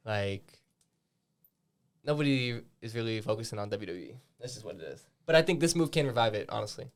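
A man's voice: lowish voice, animated, a little fast. Young man rambling on a podcast. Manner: rambling, lots of "like" and restarts; frequent swearing. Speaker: podcast co-host. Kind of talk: casual chat.

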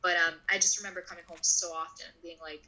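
A woman in her twenties telling a personal story in an interview, animated and full of "like", acting out the voices of people in her story. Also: fairly low pitch, quick pace, poor audio. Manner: animated, acts out voices in quotes; filler-heavy, frequent "like". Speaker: guest.

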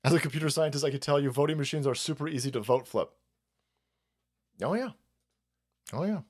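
A man's voice: fairly high pitch, fairly quick, darkish tone. A man hosting a stream, delivering a heated, profane political rant full of repetition and mocking asides. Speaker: stream host.

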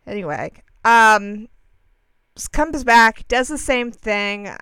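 A young woman rambles through a story for her listeners, full of fillers, asides and self-corrections. Her voice is smooth and clear, with lively jumps in pitch. The recording is dry and close. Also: slow, no room sound. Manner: chatty, animated, acts out quoted dialogue, frequent fillers and self-corrections.

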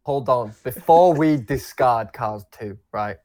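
A man's voice: medium pitch, slow, darkish tone. Man, mid-range voice, podcast co-host, jokey, casual chat. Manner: jokey, acts out little imagined dialogues.

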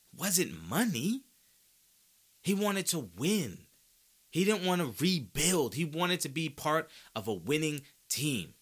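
A man hosting a sports podcast in a very bright, sharp voice, ranting in a casual, slangy way. His pitch swings widely as he fires off rhetorical questions. He argues with strong, confident opinions. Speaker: podcast host.

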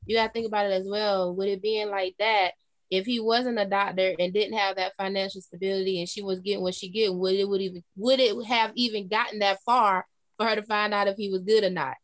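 A woman of middle pitch talks casually, laying out an argument and repeating it to make it land. Her voice is plain and everyday. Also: steady tone, brisk, dry recording. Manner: argues a point, restating it. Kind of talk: casual chat.

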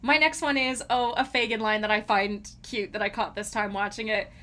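A woman's voice: mid-range voice, fairly even intonation, normal speed, fairly bright tone. A woman co-hosting a casual podcast chat, giggly and gushing as she quotes lines. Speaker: podcast co-host.

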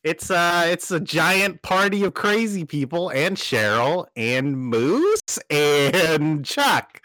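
Giggly, lively woman co-host. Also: sits low, slow, dry recording. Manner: giggly, playful. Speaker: podcast co-host. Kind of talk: casual recap chat.

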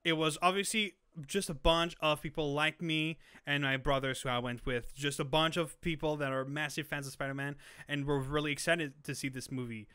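Young male podcast co-host, bright and clear-voiced, rambling and excitable. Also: on the high side. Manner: excitable, rambling, many fillers. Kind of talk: casual chat.

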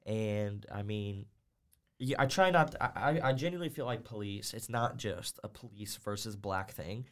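A man's voice: lowish voice, moderate pace. Blunt, cursing young man on a podcast. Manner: blunt and profane, filler-heavy, full of "like". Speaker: co-host. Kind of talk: casual podcast discussion.

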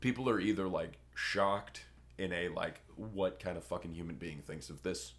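A man's voice: deep voice, moderate pace. A young man on a podcast, rambling through a crude story in casual chat. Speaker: podcast co-host.

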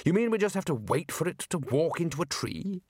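A man's voice: on the high side, very animated, a little fast, a little mellow, husky, dry recording, studio quality, pitched above the performer's own voice. A man doing Ridcully, a blustering wizard chief. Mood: bossy. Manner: blustering, hectoring questions.

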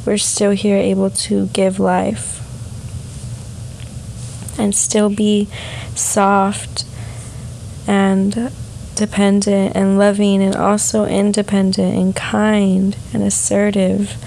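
A young woman vlogging a soft, heartfelt personal reflection on emotions. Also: medium pitch, completely flat delivery, slow pace, vocal fry, long pauses, slight background noise, low-quality recording.

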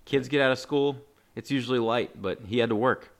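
A man co-hosting a casual movie discussion podcast, explaining in a measured way and slipping in dry, deadpan jokes. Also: medium pitch. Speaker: podcast co-host.

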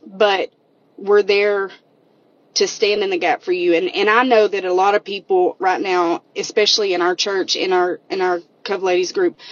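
A woman's voice: mid-range voice, dry recording, muffled recording. A woman, sharing a personal church testimony in earnest, emotional casual talk. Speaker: member of a church women's group sharing a testimony.

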